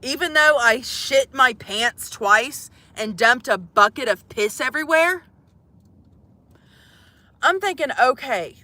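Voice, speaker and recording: A woman's voice: high voice, expressive, takes it slowly, pushed and bright, dry recording. A young woman telling a comic, profane story to live viewers from inside a van, exasperated and swearing freely. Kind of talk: casual storytelling livestream.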